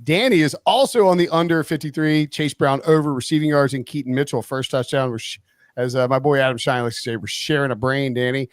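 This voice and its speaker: A man hosting a live sports betting stream, talking in a rambling, animated way and often cutting himself off. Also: medium pitch, brisk, dry recording, clean studio sound. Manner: rambling, animated, self-interrupting. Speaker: host.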